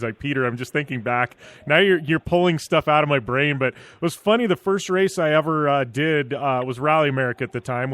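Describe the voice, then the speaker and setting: A man's voice: medium pitch, a bit bright, no echo. A man hosting a motorsport radio show, casually telling stories and chatting with a guest. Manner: chatty anecdotal storyteller. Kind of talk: casual chat.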